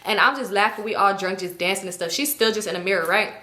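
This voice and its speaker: A young woman telling a storytime vlog in casual, slangy style, animated and expressive. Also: mid-range voice, fast. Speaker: storytime vlogger. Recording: echoey room.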